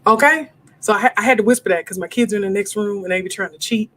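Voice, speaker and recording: A woman's voice: mid-range voice, quick pace, fairly bright tone. A woman hosting a homeschooling live Q&A from her desk at home, talking frankly and casually and calling her viewers y'all. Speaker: homeschool livestream host. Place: home desk during livestream.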